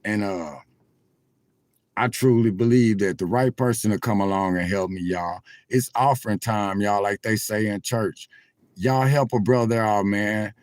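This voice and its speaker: A man's voice: fairly low pitch, unhurried, darkish tone, no echo. A man livestreaming from his car on his phone, chatting straight to viewers with preacher-like swells. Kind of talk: casual livestream chat. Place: in a parked car at a truck stop.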